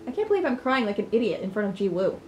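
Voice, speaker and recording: A woman reading the first-person lines of a troubled young woman in a game, quiet and plain. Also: medium pitch, very animated, very fast, reverberant, faint music behind, close to an everyday voice, poor audio. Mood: subdued. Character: troubled young woman narrating her own story.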